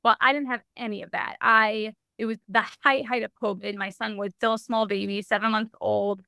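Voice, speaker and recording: A young adult woman sharing a personal story in a podcast interview, animated and full of "like" and restarts. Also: on the high side, a little fast, gravelly, clean tone, no echo. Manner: animated, heavy use of "like", frequent restarts. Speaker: podcast guest.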